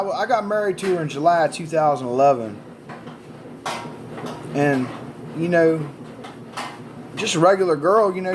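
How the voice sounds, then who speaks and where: A man's voice: a little high, noisy background. Profane folksy man telling a story. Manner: folksy, profane, drawling with repeated "buddy" and "man". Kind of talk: casual spoken storytelling.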